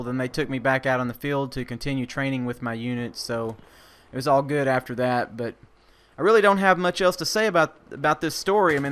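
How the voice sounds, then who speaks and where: A man's voice: mid-range voice, fairly bright tone. A man, an army veteran vlogger, telling a casual story, rambling with many fillers and restarts and casual swearing.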